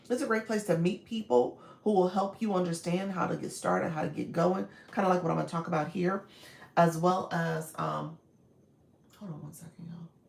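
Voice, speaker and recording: A woman with a raspy, gravelly voice that sits somewhat low, and it sounds a little strained today. She chats casually and warmly with viewers on a live stream, full of encouragement. The sound is roomy and echoey. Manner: warm, encouraging, greets viewers often. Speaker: live-stream host and coach. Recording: echoey room.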